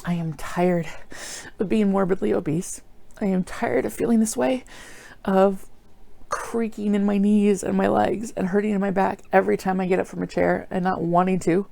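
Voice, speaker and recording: A woman's voice: medium pitch, steady tone, normal speed, vocal fry, warm tone. A middle-aged woman talking earnestly and apologetically in a rambling personal video diary, full of fillers. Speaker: vlogger.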